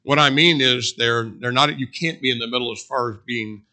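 A man preaches a sermon in a loose, conversational way, drifting into stories and hammering points home through repetition. His voice has a bright, forceful edge and sits at an ordinary middle pitch for a man. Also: moderate pace. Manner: conversational storytelling with emphatic repetition.

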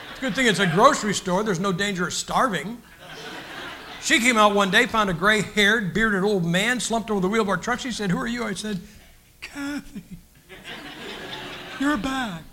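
High, bright-voiced older preacher man. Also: moderate pace, slight background noise. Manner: folksy, joking, rambling with restarts. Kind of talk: sermon with humorous stories.

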